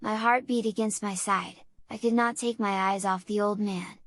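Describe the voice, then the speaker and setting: A woman reads a classic children's story aloud in a steady, measured voice at a mid pitch. The recording is close and dry, with no room echo. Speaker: audiobook reader. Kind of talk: storybook narration.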